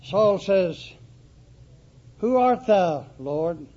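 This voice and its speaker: A man preaching a sermon, emphatic and deliberate, stressing words through repetition. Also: high voice, expressive, warm tone. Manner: emphatic, slow, dramatic repetition. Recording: dull lo-fi recording.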